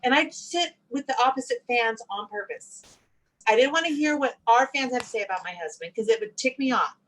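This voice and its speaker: Middle-aged woman, slightly high voice, lively storyteller guest. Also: fairly quick, low-quality recording. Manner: animated storyteller, acts out quotes. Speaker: podcast guest. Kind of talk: casual interview chat.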